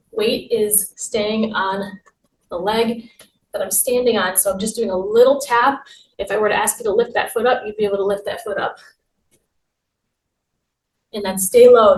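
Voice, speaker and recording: Leading a guided exercise session, a female fitness instructor moves along while giving upbeat, encouraging cues. She speaks at a measured pace in a steady, mid-range voice. A roomy, distant mic captures her with faint noise.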